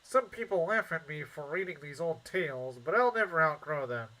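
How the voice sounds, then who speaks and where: A man's voice: a little high, lively intonation, moderate pace, sharp tone, low-quality recording. A man voicing an earnest, bookish young male knight in a nasal put-on voice, reading game dialogue aloud. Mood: eager.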